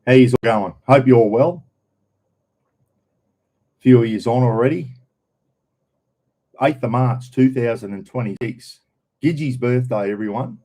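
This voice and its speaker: A relaxed Aussie man from North Queensland with a mellow, darkish voice, yarning away to his live viewers from home. His talk rambles along in broad colloquial slang, easygoing and unhurried. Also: mid-range voice. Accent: North Queensland Australian. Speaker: vlogger. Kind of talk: casual chat to live viewers. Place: home, indoors.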